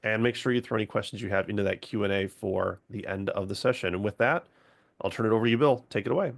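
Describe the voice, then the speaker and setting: A man opens a webinar over a video call, cheerfully reading out introductions. His voice sits a little low. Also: fast, vocal fry. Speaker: webinar moderator. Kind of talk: scripted introductions.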